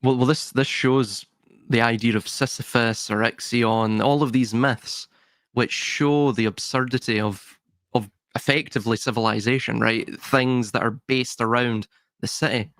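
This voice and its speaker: A man's voice: mid-range voice, steady tone, normal speed, fairly bright tone, no room sound. A man, a guest on a live discussion show, talking philosophically in a stream of rhetorical questions. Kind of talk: casual podcast discussion.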